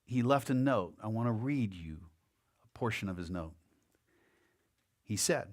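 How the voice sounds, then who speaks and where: A man's voice: lowish voice, animated, a little slow, long pauses, a little mellow. A man preaching a sermon as a pastor, in a conversational way, often repeating words and acting out the lines of the people in his story.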